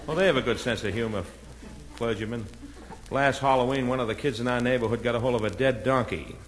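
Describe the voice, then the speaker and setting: A comedian from Boston with a Boston accent, telling a string of stand-up jokes and punchlines, raising his voice when he plays the characters. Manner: brisk storytelling with punchlines, voices the characters with a raised pitch. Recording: old comedy record with a noisy background.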